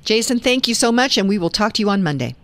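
Woman talk radio host, chatty with fillers, medium pitch, dry studio sound. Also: lively intonation, fast, no echo. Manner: conversational, frequent fillers and restarts. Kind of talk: conservative talk radio chat.

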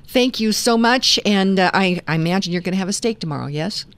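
Woman talk radio host, chatty with fillers, medium pitch, dry studio sound. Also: expressive, fairly quick, fairly bright tone, clear, resonant tone, no echo. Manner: conversational, frequent fillers and restarts. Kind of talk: conservative talk radio chat.

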